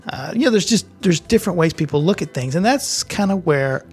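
A man's voice: on the high side, animated, brisk, gravelly, darkish tone, slightly rough, faint music behind. Hesitant man co-hosting a faith talk. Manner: hesitant, searching for words, many restarts. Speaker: podcast co-host. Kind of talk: casual faith discussion.

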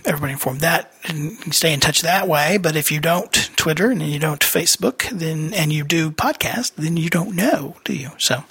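A man's voice: fairly high pitch, normal speed, hardly any pauses, fairly bright tone, slightly rough, no room sound. A man hosting a podcast, giving a casual personal update in a rambling way with many fillers and restarts. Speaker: podcast host.

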